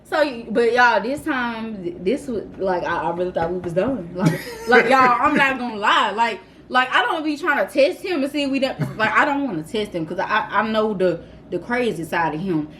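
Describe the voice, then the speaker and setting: Animated high-pitched young woman storyteller. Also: moderate pace, hardly any pauses, a little hiss or hum. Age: 20s. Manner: animated, laughing, self-described dramatic. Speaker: vlogger. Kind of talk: casual storytime.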